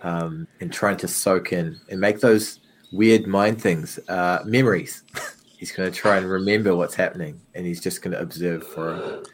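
Deep-voiced player man. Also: fairly even intonation, moderate pace, slight background noise. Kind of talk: casual tabletop play.

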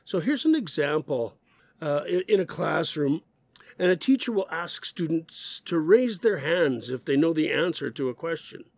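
A man who speaks English natively, teaching learners English expressions, slow and emphatic, repeating phrases. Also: on the high side, lively intonation, vocal fry, dry recording.

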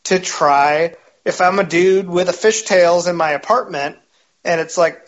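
A man with a high voice chats as an interview guest, relaxed and rambling, with plenty of filler words. His voice comes over a dull, lo-fi remote line. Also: measured pace. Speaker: interview guest, league president. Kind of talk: casual interview chat.

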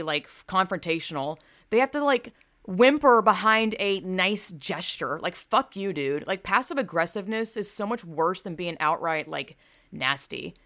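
A woman's voice: fairly low pitch, a bit bright. A woman from the American South, ranting in a casual, profane, rambling way, full of fillers. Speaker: vlogger. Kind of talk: casual rant to camera. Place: home in California.

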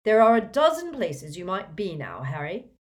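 A woman voicing a gentle, reasonable middle-aged father wizard in a storybook reading. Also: medium pitch, sing-song, normal speed, natural voice. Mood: reassuring.

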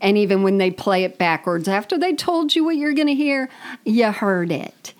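A woman's voice: mid-range voice, animated, normal speed. A woman co-hosting a casual chat, telling wry stories with frequent tangents. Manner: chatty, wry storytelling with tangents. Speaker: podcast co-host.

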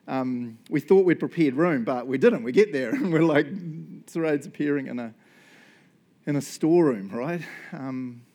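A man, preaching a sermon as a lively storyteller who acts out what people said and often checks in with "right?". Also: medium pitch. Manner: animated, acts out quotes, frequent "right?" and "um". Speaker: pastor.

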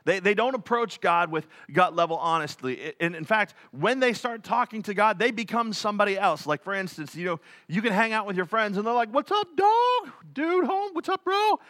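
A male pastor preaching a conversational sermon in an animated way, with frequent restarts. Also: sits high, fairly quick, few pauses.

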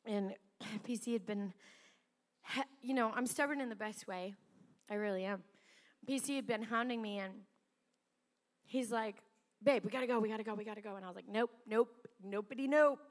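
A middle-aged woman pastor preaching a sermon, chatty and animated, laughing often as she tells stories. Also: mid-range voice, big-room sound. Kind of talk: sermon storytelling. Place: church sanctuary.

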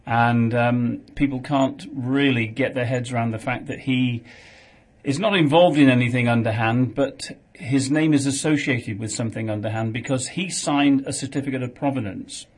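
A man's voice: mid-range voice, moderate pace, slightly rough. A man who is a guest author on a radio show, explaining his work in an earnest way. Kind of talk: radio interview.

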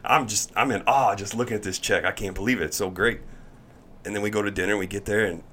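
A man with a fairly low voice chats on a podcast as a guest. He tells his stories with animation, laughs easily and slips into the voices of the people he quotes. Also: steady tone, fast, fairly bright tone, slight background noise. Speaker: podcast guest, pro baseball pitcher. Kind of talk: casual chat, animated storytelling.

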